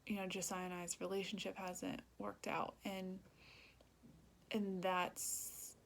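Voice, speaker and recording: A woman's voice: mid-range voice, flat delivery, slow, vocal fry, a little hiss or hum. A young woman talking earnestly in a personal vlog, rambling, laughing often and dropping to a whisper. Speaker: vlogger.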